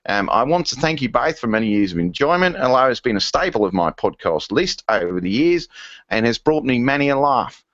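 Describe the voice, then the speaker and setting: Name: Aussie listener. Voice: man putting on a shaky Australian accent, halting, dull dry audio. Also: medium pitch, very animated, a bit bright, no echo. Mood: amused. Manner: halting reading, breaking into laughter. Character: male Australian listener, bungled impression.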